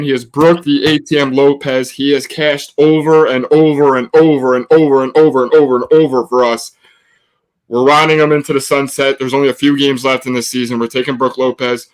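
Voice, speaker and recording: A man giving a sports betting pick, emphatic and hyped, repeating himself for effect. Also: mid-range voice.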